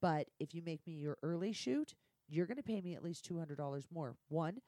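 A woman's voice: low voice, a little fast, no room sound, studio quality. A woman telling candid, profane stories from her work in a casual podcast conversation. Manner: blunt, profane, animated storytelling. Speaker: guest.

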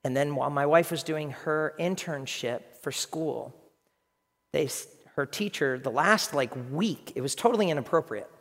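A man in his fifties, a pastor preaching a sermon with animated, emphatic storytelling. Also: a little high, normal speed, long reverb tail. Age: 50s.

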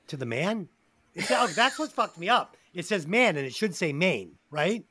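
A man's voice: sits high, big pitch swings, measured pace, bright, forceful tone, breathy edge. A man hosting a casual movie review podcast, reading a plot summary aloud with slips and swearing jokes. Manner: profane, jokey, reads summary aloud with slips.

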